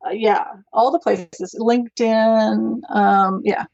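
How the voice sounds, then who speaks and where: Middle-aged lady rambling on a podcast, kinda gravelly, dull dry sound. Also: on the high side, steady tone, takes it slowly, dry recording. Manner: chatty, rambling, warm storytelling with laughs. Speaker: guest, mental health advocate. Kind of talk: casual interview chat.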